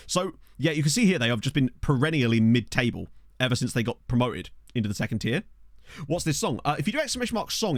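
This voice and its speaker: A man's voice: mid-range voice, no room sound, clean studio sound. A man streaming a game, chatting casually and thinking aloud as he talks to his viewers. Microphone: desk microphone.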